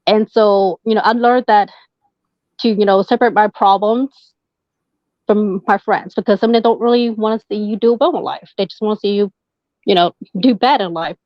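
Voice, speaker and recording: A woman's voice: mid-range voice, normal speed, dry recording. Lady tarot reader chatting, lots of ums, muffled lo-fi dry audio. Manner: hesitant, many fillers. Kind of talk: casual interview chat. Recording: dull dry lo-fi sound.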